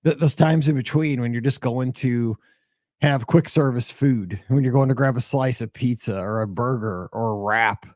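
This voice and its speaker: Hoarse, chatty podcast host, dark tone. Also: male voice, mid-range voice, moderate pace, no room sound, clean studio sound. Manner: chatty, rambling, with many fillers and restarts. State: hoarse from a cold and asthma. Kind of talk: solo podcast monologue.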